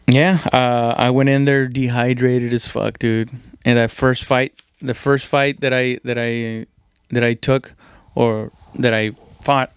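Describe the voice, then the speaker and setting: A man's voice: medium pitch, clear, resonant tone, no echo, studio quality. A young man telling a comedy story from his army days, casually and profanely, with many restarts, fillers and sound effects.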